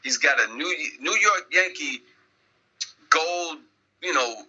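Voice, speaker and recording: Bright-voiced man telling a rambling story. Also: fairly high pitch, slow pace, slightly rough, muffled recording. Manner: rambling animated storyteller, many restarts. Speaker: podcast guest. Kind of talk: casual podcast chat.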